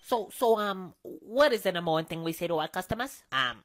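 A woman's voice: fairly low pitch, lively intonation, fairly quick, noisy background. A woman acting out comedy sketches in a slangy, brash and playfully bossy way. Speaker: sketch comedian playing several parts.

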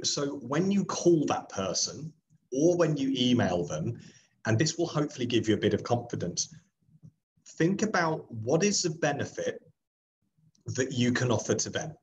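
A man presents a career webinar over a video call, his voice a little hoarse as he loses it. He talks in an encouraging way, full of fillers and restarts, with faint background noise behind him. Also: medium pitch, darkish tone. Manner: encouraging, repeats himself, many fillers and restarts. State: slightly hoarse, losing his voice.

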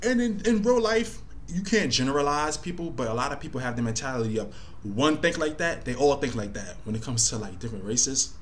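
A man's voice: medium pitch, expressive, a little fast. A man talking casually, faint hiss. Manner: conversational, loose, thinking aloud with many fillers. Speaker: commentary host. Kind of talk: casual commentary.

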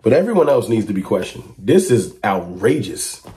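A man giving casual fan commentary to camera, talking emphatically and asking a stream of rhetorical questions. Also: moderate pace. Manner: rises to excited high-pitched exclamations when reacting to clips.

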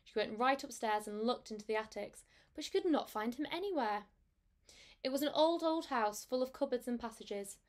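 A woman teacher reading a storybook aloud to her class in a gentle, unhurried way. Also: high-pitched.

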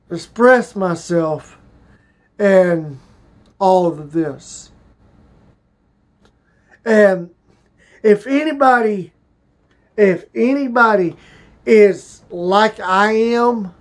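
Vlogger, male, high voice, slow, emotional halting delivery, confessional. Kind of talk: personal confessional vlog.

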